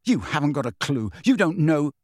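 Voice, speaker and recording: A man reading an audiobook, voicing a grieving teenage boy wizard who shouts with a shaking voice. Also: a little high, sing-song, moderate pace, no room sound, studio quality. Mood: bitter. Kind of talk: audiobook character voice.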